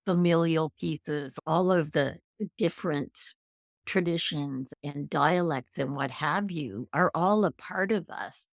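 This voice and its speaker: A woman's voice: deep voice, slow pace, creaky, dry recording, studio quality. A woman with a Canadian accent hosting an interview, effusive and thoughtful, musing aloud as she talks. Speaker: podcast host. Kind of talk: conversational interview.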